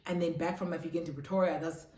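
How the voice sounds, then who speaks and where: A young South African woman telling a casual storytime, animated and switching between English and isiZulu. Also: low-pitched, fast. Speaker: vlogger. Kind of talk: storytime chat. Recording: roomy echo.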